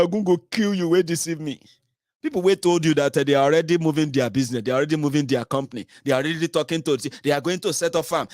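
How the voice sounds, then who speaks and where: A man's voice: a little high, no echo, studio quality. A middle-aged Nigerian man giving sardonic political commentary in a casual vlog, mixing in pidgin and Yoruba phrases.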